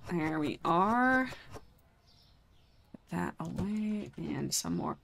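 A woman's voice: fairly low pitch, animated, extremely slow, gravelly, fairly bright tone, a little hiss or hum. A young adult woman chatting casually through a live game stream, exclaiming often and talking straight to her viewers.

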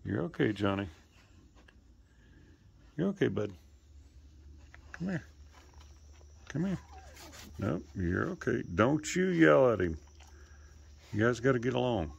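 A man talking to his pets outdoors in a coaxing, playful way, calling them in high sing-song baby talk and teasing them with mild swearing. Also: very animated, takes it slowly, gravelly, pauses often, breathy edge, muffled recording. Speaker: pet owner filming animals. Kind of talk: casual talk to animals.

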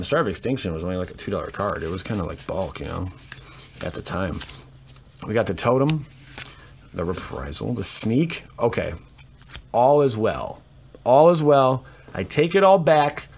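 A man giving casual, excitable commentary while opening card packs, grumbling and swearing to himself. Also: fairly low pitch, a little hiss or hum.

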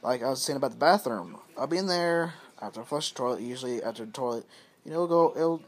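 A man talks into his phone camera at home and tells a story in a loose, unscripted way. He rambles, swears freely and circles back over the same points. His voice sits at an ordinary middle pitch. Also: expressive, fast talker. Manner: rambling, profane, repetitive. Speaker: vlogger. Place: at home, indoors.

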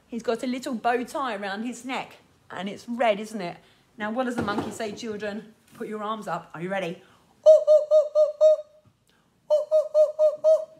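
A woman leading a sing-along class for young children in a lively, sing-song way. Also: medium pitch. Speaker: children's music class teacher.

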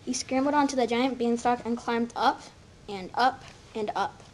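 A woman reading a picture book aloud in a lively way. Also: fairly high pitch, normal speed, a little hiss or hum. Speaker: story reader.

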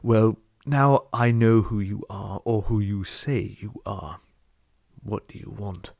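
A man voicing a huge, gruff, bearded man of the wild who growls his words in a storybook reading. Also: fairly low pitch, fairly even intonation, slow pace, darkish tone, no echo, clean studio sound, exaggerated voice.

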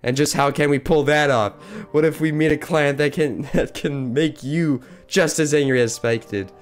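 A man's voice: on the high side, moderate pace, soft background music, close to an everyday voice. A man reading a worried younger plumber brother. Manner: read in plain voice, worried.

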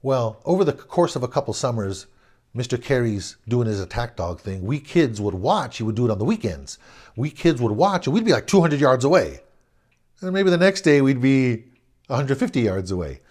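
A middle-aged man from Southern California tells an old neighborhood story off the cuff. His pitch swings up and down with the telling, and he doubles back on words and chuckles between phrases. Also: big pitch swings, moderate pace, darkish tone. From Southern California, USA. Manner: rambling, self-correcting, chuckles as he goes. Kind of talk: casual spoken anecdote.

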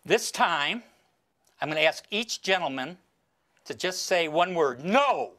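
An older man performing a magic routine for an audience, instructing his volunteers in a chatty, gently teasing way. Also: on the high side, animated, unhurried. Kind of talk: archival stage performance with patter.

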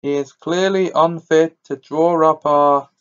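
A spiteful, snobbish schoolboy sneers at everyone, played by a man reading a storybook aloud. He sounds somewhat high and unhurried. The recording is slightly dull and muffled. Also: fairly even intonation, smooth, natural voice. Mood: scornful. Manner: haughty and snide, slightly raised voice. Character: sneering, scornful rich schoolboy.

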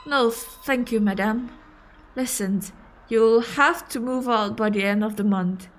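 Woman playing a young man collecting debts, apologetic, somber, slow and hesitant, game dialogue. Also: fairly high pitch, natural voice. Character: apologetic young male debt collector, dutiful.

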